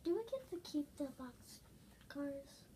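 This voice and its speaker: A young girl answering her father in short, quiet replies. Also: high voice, expressive, unhurried, distant mic, a little hiss or hum. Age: child. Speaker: daughter.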